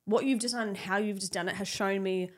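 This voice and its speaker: A woman's voice: medium pitch, steady tone, brisk. A woman from Australia, a podcast guest chatting casually, rambling and swearing freely. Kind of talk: casual chat.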